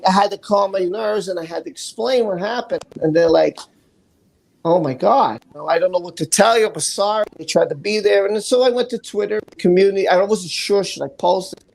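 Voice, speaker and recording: A man's voice: sits high, darkish tone, slight background noise, rough recording. A man hosting a live stream, telling a personal story in a candid, blunt way that is full of swearing. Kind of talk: casual live stream talk.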